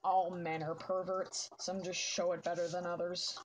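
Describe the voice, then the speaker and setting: A woman's voice: on the low side, little pitch movement, moderate pace, a little hiss or hum, low-quality recording. Chatty young woman sketching on stream. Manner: chatty, rambling, many "like" fillers. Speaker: artist streaming her drawing. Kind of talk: casual chat while drawing.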